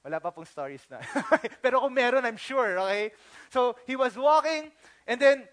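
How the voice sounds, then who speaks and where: High-voiced Filipino pastor, animated sermon. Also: male voice, normal speed. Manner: animated storytelling, acting out quotes; mixes English with Tagalog phrases.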